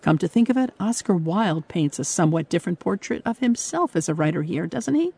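A woman's voice: lowish voice, big pitch swings, brisk, vocal fry, dark tone, husky, dry recording. A woman hosting a literary radio program, delivering thoughtful scripted commentary from a studio. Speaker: radio show host. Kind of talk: scripted broadcast narration.

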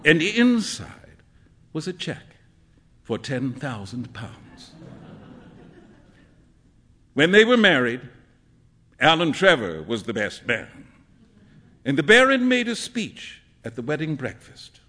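A man giving a dramatic stage reading of a classic short story, deliberate and unhurried, shifting his voice for each character. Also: on the high side, huge pitch swings, bright, forceful tone. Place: theater stage before a live audience.

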